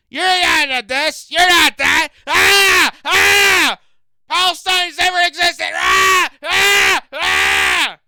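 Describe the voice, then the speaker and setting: Frantic shrieking pundit guy, super high and bright, a man hamming it up. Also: exaggerated voice. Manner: yelling, screaming wordless cries. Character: shouting angry male pundit, blustering and frantic.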